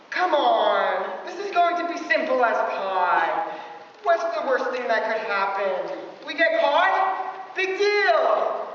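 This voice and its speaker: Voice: high voice, a bit bright, exaggerated voice. Actor as a blustering old husband, fretful, bickering, stage play, echoey hall from far off, muffled. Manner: blustering, bickering theatrical delivery. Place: theater stage. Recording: echoey hall, far-off mic, dull sound with faint noise.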